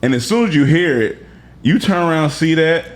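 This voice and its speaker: A young adult man co-hosting a casual podcast. He tells stories with a lively, swooping pitch and exclaims as he goes. He breaks into laughter often. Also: moderate pace. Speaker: podcast co-host.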